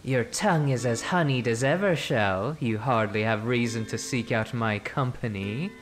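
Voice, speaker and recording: A man's voice: medium pitch, normal speed, faint music behind, close to an everyday voice. A man playing a cool, curt empress. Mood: cold. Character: cold imperial empress, adult woman, stern.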